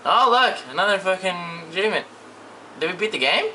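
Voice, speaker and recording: A young man giving casual, joking gaming commentary with friends, loud and full of swearing. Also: sits high, animated, a little fast, low-quality recording. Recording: game audio with loud noise behind.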